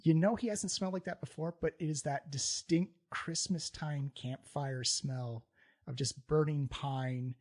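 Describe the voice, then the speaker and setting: A man's voice: on the high side, steady tone, unhurried, a little mellow. A man narrating a tabletop game as game master, describing scenes in a loose, conversational way.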